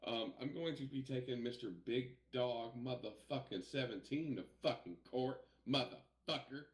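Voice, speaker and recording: A man's voice: medium pitch, normal speed, echoey room. A man streaming a role-play game, chatting casually, swearing freely and laughing often. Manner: laughs a lot, animated storytelling.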